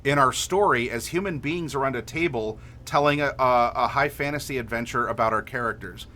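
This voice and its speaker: A man's voice: medium pitch, a little fast, bright, forceful tone. A man casually chatting on a livestream, reading viewer messages aloud and rambling with lots of filler words. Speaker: streamer reading chat.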